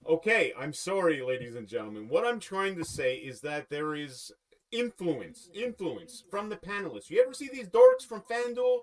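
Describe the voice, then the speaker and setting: Guy hosting a betting podcast, kinda high voice that swings all over, rambly and jokey. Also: big pitch swings, normal speed. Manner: rambling, laughing, joking. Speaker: podcast host. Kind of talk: casual chat.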